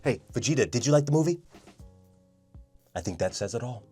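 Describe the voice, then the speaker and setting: A man's voice: mid-range voice, brisk, breathy edge. Guy ranting about a movie, voice jumping all over, fed up and cursing, faint music behind. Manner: exasperated, animated, swears, acts out scenes. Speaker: movie reviewer. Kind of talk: casual ranting film review.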